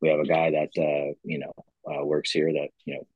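A man's voice: very deep voice, little pitch movement, brisk, slightly rough, no echo, phone-quality sound. A man who founded a company, telling his story in a casual interview, rambling and earnest with lots of "you know" fillers. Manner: earnest and reflective. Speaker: company founder, podcast guest.

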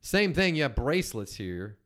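Animated man hosting a podcast. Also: medium pitch, normal speed. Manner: animated, teasing storyteller. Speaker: main host. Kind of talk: casual podcast banter.

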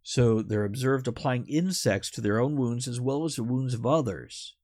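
A man's voice: mid-range voice, normal speed, a little mellow, no echo, studio quality. A man hosting a podcast in casual, rambling chat who swears now and then. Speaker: podcast host.

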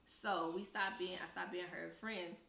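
A woman's voice: lowish voice, measured pace, gravelly, reverberant. A young woman co-hosting a podcast, telling a story in casual chat and acting out the voices of the people in it. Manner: animated storyteller, acts out quoted voices. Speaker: podcast co-host.

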